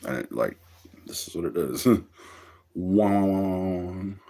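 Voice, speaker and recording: A man's voice: low voice, very slow, warm tone. A man chatting casually on his livestream, rambling through stories with frequent swearing and laughter. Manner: profane, laughs often, drawling storytelling.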